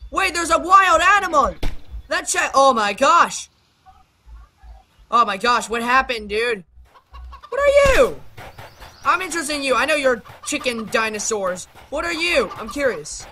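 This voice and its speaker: High pitched girl gamer rambling at her game creatures, super excitable, chickens clucking loud in the background. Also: moderate pace. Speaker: gaming YouTuber. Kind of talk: let's play commentary. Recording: game clucking and rooster noise behind.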